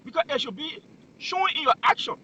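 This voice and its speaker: A man's voice: very high-pitched, expressive, quick pace, sharp tone, dull audio, slight background noise. A man giving heated political commentary, emphatic and full of rhetorical questions.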